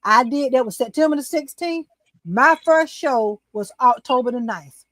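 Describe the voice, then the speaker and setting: Older woman telling a lively testimony. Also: high voice, normal speed. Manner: animated testimony storytelling. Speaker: talk show host, guest. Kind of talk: casual chat, storytelling.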